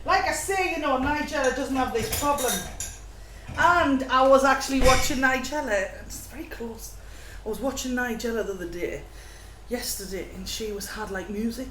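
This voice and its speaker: A woman's voice: high voice, unhurried, long pauses. A woman hosting a casual home cooking vlog, chatty and self-mocking with frequent giggles. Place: home kitchen. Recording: echoey room, noisy background.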